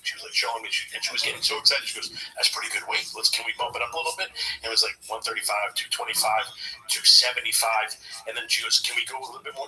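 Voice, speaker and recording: A man's voice: on the low side, bright, forceful tone, recorded from a distance, low-quality recording. A man telling a rambling story in casual chat, with lots of restarts and fillers.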